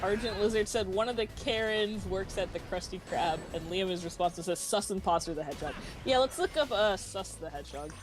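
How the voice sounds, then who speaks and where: A woman's voice: medium pitch, fairly quick, hardly any pauses, music in the background. A woman co-hosting a livestream, reading chat aloud in a casual, giggly way and laughing often. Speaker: stream co-host reading chat.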